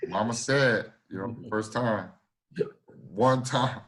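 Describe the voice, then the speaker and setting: The podcast co-host here has a lowish, fairly bright voice and talks slowly. Casual and emphatic, he swears heavily, repeats himself, and keeps restarting his thoughts.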